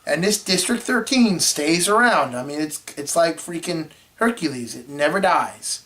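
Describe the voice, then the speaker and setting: A man co-hosting a movie review show, telling a rambling story in casual chat and clearing his throat often. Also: fairly high pitch, expressive, moderate pace, bright, forceful tone. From Florida.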